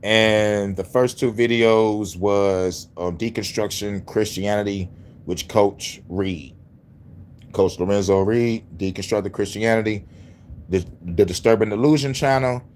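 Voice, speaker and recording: A man's voice: on the low side, fairly even intonation, unhurried, a little mellow, a little hiss or hum. A man hosting a casual reaction stream, talking in a laid-back way with a lot of swearing. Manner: laid-back, profane, laughing often. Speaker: host reacting to videos.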